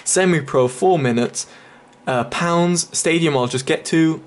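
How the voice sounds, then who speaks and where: A man's voice: fairly high pitch, unhurried, a little hiss or hum. A man giving casual, chatty commentary over a game walkthrough, explaining each step with many fillers. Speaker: gaming video creator.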